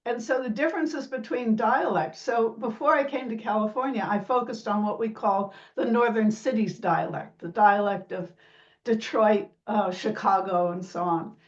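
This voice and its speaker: A woman's voice: mid-range voice, moderate pace, recorded from a distance, dull audio. A woman sociolinguist explaining speech sounds in an interview, imitating vowels and laughing lightly as she talks. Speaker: sociolinguist guest.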